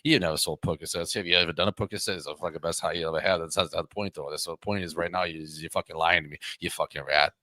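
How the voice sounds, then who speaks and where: A belligerent Boston tough guy, put on by a man in a low, deep voice, ranting fast and swearing in nearly every breath. The delivery is hurried and combative, and the sound is dry and close. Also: steady tone, bright, forceful tone, no room sound.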